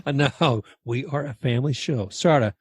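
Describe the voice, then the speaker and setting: Husky man chatting casual baseball. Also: mid-range voice, no room sound. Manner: halting, restarts phrases, chuckles. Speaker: podcast co-host. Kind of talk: casual sports talk.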